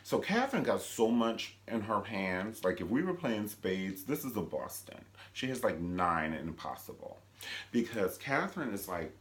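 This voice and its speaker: Animated low-voiced man recapping gossip. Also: normal speed. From Cleveland, Ohio. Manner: animated, gossipy, dramatic asides. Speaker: TV show reviewer. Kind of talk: casual recap vlog.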